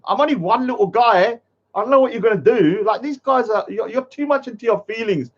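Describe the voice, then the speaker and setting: A man's voice: high-pitched, expressive, a little fast. A man, hosting a casual livestream, talking bluntly and scolding his chat. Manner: blunt, swears at chat, mock-taunting. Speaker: livestream host. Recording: dull lo-fi stream audio.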